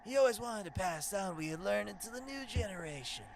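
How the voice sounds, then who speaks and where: Man doing kindly old bug master, calm and measured, high and gravelly. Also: a crowd in the background. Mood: gentle. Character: gentle old male bug nailmaster, wistful and kind.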